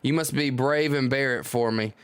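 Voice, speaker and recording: A man reading the lines of a gentle, grieving father comforting his son in a manga, in his own voice. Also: medium pitch, moderate pace, clean tone, no echo, natural voice. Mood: tender.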